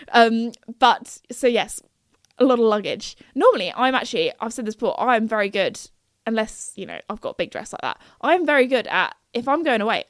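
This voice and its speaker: A woman's voice: a little high, no echo, studio quality. A young British woman hosting a podcast, chatting casually and rambling with lots of self-corrections and giggles. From United Kingdom. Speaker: podcast host. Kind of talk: casual solo chat.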